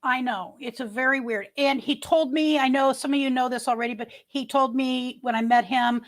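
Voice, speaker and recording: Middle-aged woman, high voice, rambling livestream chat, webcam sound. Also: fairly even intonation, normal speed. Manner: rambling, chatty, frequent restarts and fillers; greets viewers by name. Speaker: livestream host.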